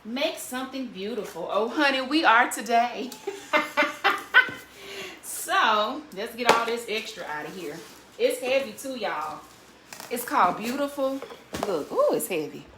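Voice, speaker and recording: An older woman, hosting a casual cooking vlog and chatting warmly and animatedly to her viewers, laughing often. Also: a little high, expressive, measured pace, long pauses, background noise. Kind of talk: casual unboxing chat to viewers.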